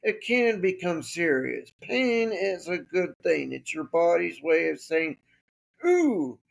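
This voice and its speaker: Man podcast host, unhurried gravelly voice, wry casual storytelling. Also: on the high side.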